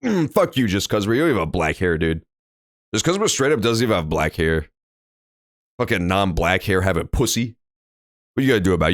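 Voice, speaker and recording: A man's voice: low voice, very animated, fairly quick, long pauses, no echo, studio quality. A young man casually commenting while playing a story game, joking crudely and swearing freely, at a desk microphone at home. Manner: crude, profane, jokey.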